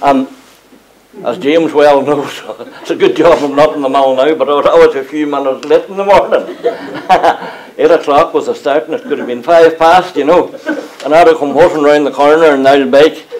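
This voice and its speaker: A man's voice: on the high side, normal speed, a little mellow, poor audio. Older Northern Irish man spinning yarns. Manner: humorous, chuckling as he tells yarns. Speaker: local speaker recalling mill days. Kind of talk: anecdotal storytelling to an audience. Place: community gathering before a live audience.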